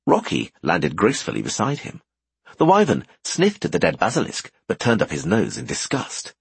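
Male audiobook narrator, low and breathy, very lively delivery. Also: moderate pace, dry recording. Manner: expressive, animated. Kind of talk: scripted fantasy narration.

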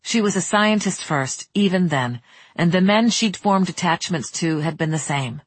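An audiobook narrator reading a romance in a measured, even way, close to the mic. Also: mid-range voice, breathy edge, no echo. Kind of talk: scripted narration.

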